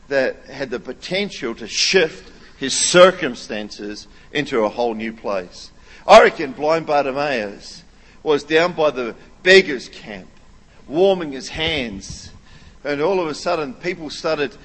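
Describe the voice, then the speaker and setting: A man in his thirties preaching a sermon as a pastor, telling stories animatedly and at times rising almost to a shout. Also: mid-range voice. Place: large church hall. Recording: long reverb of a large hall.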